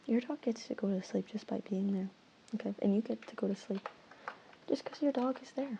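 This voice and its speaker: A woman ASMR creator in a playful, teasing whispered role-play, mixing soft whispers with mock-stern asides. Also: mid-range voice, fairly quick, gravelly, highs cut off, a little hiss or hum.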